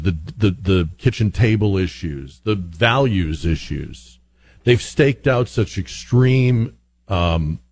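A man hosting an opinion talk show, delivering a sarcastic, mocking monologue with exaggerated high-pitched asides. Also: a little mellow. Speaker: political commentary host.

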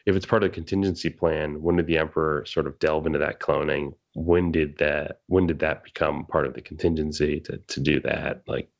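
A man's voice: rumbling low, fairly even intonation, brisk, vocal fry, few pauses, muffled recording. A man co-hosting a fan podcast, talking in a casual, rambling way with many fillers and restarts. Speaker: podcast co-host. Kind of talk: casual chat.

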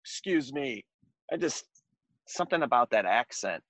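A man's voice: medium pitch, expressive, normal speed, fairly bright tone, no room sound. A man co-hosting a casual podcast with an American accent, joking and laughing often as he chats. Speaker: podcast co-host. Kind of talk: casual chat.

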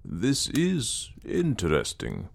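A man doing a slow, pipe-smoking listener. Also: lowish voice, wildly swooping pitch, gravelly, slight background noise, exaggerated voice. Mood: thoughtful. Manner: slow, measured questioning.

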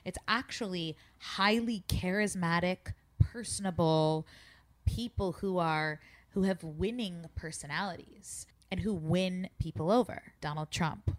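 Lively woman telling a story. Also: on the low side, no room sound. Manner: animated, breaks into laughter while telling stories. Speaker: guest. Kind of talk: conversational storytelling.

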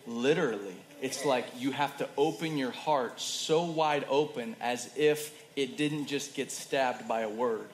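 A man preaching a sermon in a conversational way, moving between loud emphasis and soft, quiet passages. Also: mid-range voice, unhurried, few pauses, a little hiss or hum. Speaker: pastor. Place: church hall. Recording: roomy hall with faint ambience.

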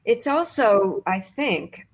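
A woman co-hosting an interview, adding slow, thoughtful remarks. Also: mid-range voice, lively intonation. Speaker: podcast co-host. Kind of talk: conversational interview.

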